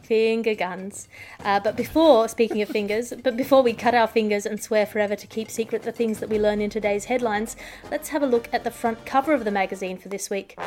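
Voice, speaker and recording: A woman's voice: on the high side, fairly even intonation, brisk, darkish tone. Wry woman hosting a comedy podcast. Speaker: host. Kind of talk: comedic news podcast chat.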